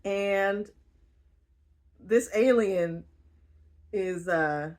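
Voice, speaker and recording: A woman's voice: medium pitch, expressive, extremely slow, pauses often, a little mellow. A woman retelling a book in a casual, rambling way, giggling often and using lots of fillers. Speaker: book reviewer.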